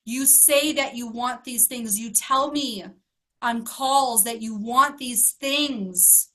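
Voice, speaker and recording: A woman's voice: high voice, slow, a bit bright. A woman life coach giving an emotional motivational talk to her group, earnest and emphatic, asking question after question. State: emotional, close to tears.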